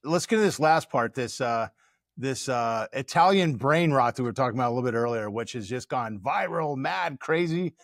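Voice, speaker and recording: A man's voice: mid-range voice, animated, brisk, no room sound. A man hosting a casual podcast chat in a studio, rambling and searching for words with many fillers. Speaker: podcast host. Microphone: studio microphone.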